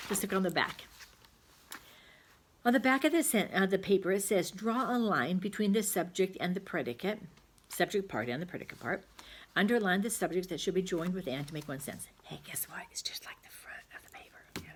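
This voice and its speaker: A woman teaching a grammar lesson to young children, patient and encouraging, speaking slowly and clearly. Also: fairly low pitch, slight background noise.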